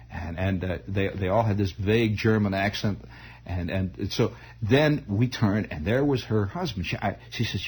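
A man telling a long personal story in a rambling, halting way, full of restarts and wry asides. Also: sits low, a little mellow, slightly rough. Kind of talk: comic spoken storytelling.

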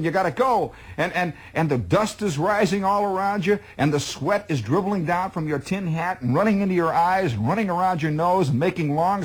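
Man spinning a long story, lively swoopy voice, dry humor, lots of "the, the, the". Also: high-pitched, husky. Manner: animated, repeats words while stacking up details; wry and exaggerating. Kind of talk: spoken storytelling monologue.

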